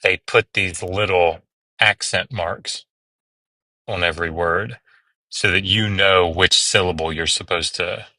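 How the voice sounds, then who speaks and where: A man's voice: low-pitched, fairly even intonation, unhurried, sharp tone, no room sound. A man hosting a live stream, patiently explaining Hebrew pronunciation step by step with many fillers. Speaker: host teaching biblical Hebrew. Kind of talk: casual live-stream tutoring.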